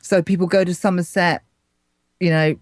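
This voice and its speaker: A woman's voice: fairly low pitch, fairly even intonation, normal speed, dry recording, studio quality. A woman with an English accent, co-hosting a casual chat in a playful, teasing way. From England. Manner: playful, teasing, laughs easily. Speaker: co-host, correspondent.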